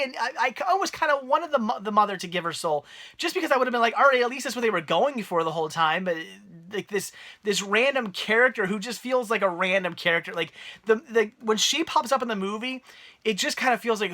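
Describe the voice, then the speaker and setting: A young man and parent giving a rambling, animated movie review rant, full of restarts. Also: high voice, a little fast.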